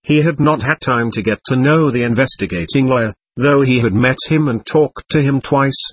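A man narrating a classic novel as an audiobook in a steady, unhurried way. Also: mid-range voice, husky.

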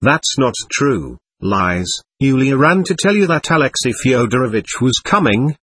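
A man reading aloud, voicing an anxious, effusive middle-aged aristocratic lady who talks rapidly and nervously. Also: mid-range voice, big pitch swings, a bit bright, breathy edge, full character voice. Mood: gushing.

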